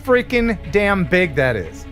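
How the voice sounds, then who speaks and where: Animated American man hosting a livestream. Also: sits high, takes it slowly, music in the background. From United States. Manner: jokey, laughs often, animated. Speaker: host. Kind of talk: casual livestream chat.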